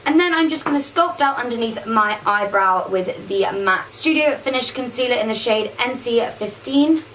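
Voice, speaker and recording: A woman's voice: on the high side, expressive, normal speed, fairly bright tone, distant mic, a little hiss or hum, poor audio. A woman casually talking through a makeup tutorial, chatty and saying "like" a lot. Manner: chatty, says "like" often. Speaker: makeup vlogger.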